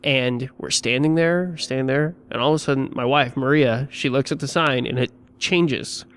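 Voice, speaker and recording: A man's voice: mid-range voice, moderate pace, fairly bright tone, smooth. A man chatting casually on a podcast, telling a story with animation and acting out the people in it.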